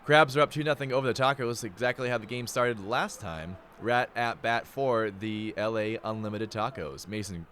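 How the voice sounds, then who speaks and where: A man's voice: lowish voice, moderate pace, few pauses, fairly bright tone, a little hiss or hum. A young man giving live play-by-play commentary, playful and jokey, with rambling asides. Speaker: play-by-play announcer.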